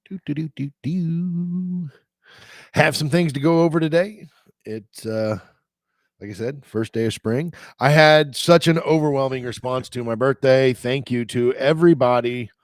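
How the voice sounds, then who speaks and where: Male travel vlogger, middle-aged, mid-pitched, dry close sound, easygoing chatter full of asides. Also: no room sound. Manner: chatty, rambling asides with fillers. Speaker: travel show host. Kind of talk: casual daily travel update.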